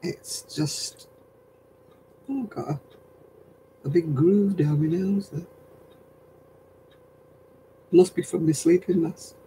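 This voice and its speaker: An older woman from northern England with a softened regional accent, hosting a casual craft live stream, chatting with viewers and chuckling often. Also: on the low side, takes it slowly, pauses often, a little hiss or hum, low-quality recording. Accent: softened northern English. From Oldham, England. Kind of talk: casual chat answering viewer comments.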